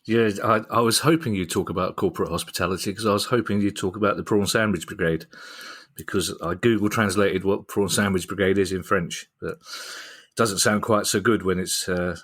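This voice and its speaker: A man's voice: low-pitched, steady tone, brisk, a bit bright. A man hosting a podcast in a playful, joking manner. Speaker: podcast host. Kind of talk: casual podcast chat.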